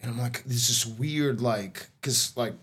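A man's voice: mid-range voice, a little slow, fairly bright tone, husky. Rambling middle-aged man, coughing at times. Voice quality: coughing now and then. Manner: rambling, lots of "like" and "you know", restarts. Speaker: guest telling a story. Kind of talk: casual storytelling chat.

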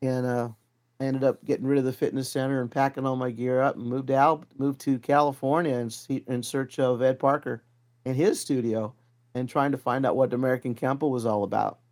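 A man's voice: medium pitch, brisk. A man recounting his martial arts past in a casual interview, acting out the voices of people he met. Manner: animated, acts out quoted voices. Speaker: martial arts instructor, guest. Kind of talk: casual storytelling.

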